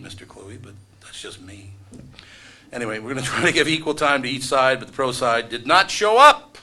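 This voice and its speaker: Wry middle-aged radio host with a bright voice. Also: male voice, on the low side, slight background noise. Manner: wry, sarcastic asides and self-deprecating jokes. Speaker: radio host emceeing a live debate event. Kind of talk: live stage emceeing, joking with the audience. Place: event room before a live audience.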